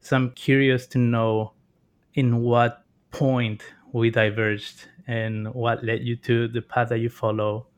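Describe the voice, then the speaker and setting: A young man from Mexico hosts a relaxed interview, asking curious questions in loose, rambling phrases. His voice sits in a middle pitch, and he fills his sentences with fillers. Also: slow, clear, resonant tone. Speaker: host. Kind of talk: casual interview.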